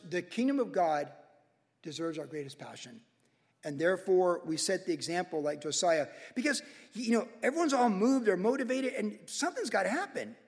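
A man preaching a sermon as pastor, emphatic and animated, repeating phrases for stress. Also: sits high, big-room sound.

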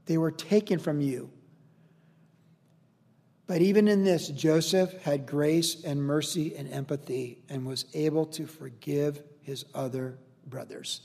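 A male pastor teaches a Bible passage verse by verse, earnest and conversational, with rhetorical questions. His fairly high voice carries a gravelly edge. It echoes with the long reverb of a large sanctuary. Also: unhurried, darkish tone.

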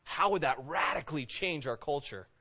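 A man's voice: fairly high pitch, lively intonation, normal speed, bright, forceful tone, lo-fi sound. A man in his thirties preaching a sermon in a conversational way, full of rhetorical questions. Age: 30s. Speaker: pastor.

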